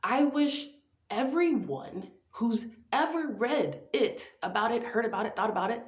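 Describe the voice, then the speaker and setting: A woman performing a profane, theatrical spoken-word monologue with drawn-out phrasing. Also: on the high side, animated. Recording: echoey, dull lo-fi room recording.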